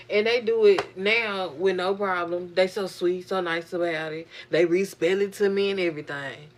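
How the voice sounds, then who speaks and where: A young woman vlogging, venting in a profane, animated, exasperated way. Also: lowish voice. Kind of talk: casual venting monologue.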